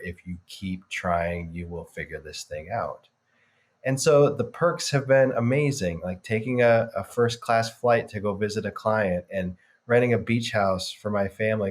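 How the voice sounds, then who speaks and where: A man guest on a podcast, earnestly reflecting on his work as a business coach, stressing key words and chuckling now and then. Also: lowish voice. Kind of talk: casual podcast interview.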